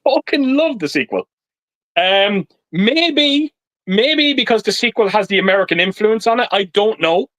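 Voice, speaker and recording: A man's voice: high voice, lively intonation, a little slow, fairly bright tone, no room sound. A man hosting a casual movie live stream over a video call, blunt and stammering, with plenty of swearing. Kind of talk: casual chat about movies.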